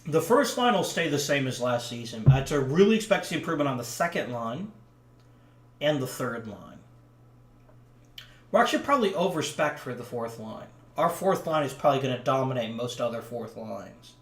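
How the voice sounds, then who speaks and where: In a reverberant room, a man speaks at normal speed with a medium, animated voice. He's a chatty let's play commentator going on about his hockey management game with plenty of ums.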